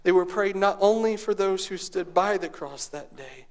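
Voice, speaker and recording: A man's voice: high voice, normal speed, hardly any pauses. A male pastor delivering a sermon, dropping to near-whispers and rising to raised, emphatic preaching. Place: church sanctuary.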